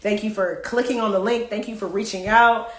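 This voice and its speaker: A woman with a mid-range, steady voice hosts a live card game a little quickly, playfully reading questions from the cards and singing snippets of songs. The room sounds echoey.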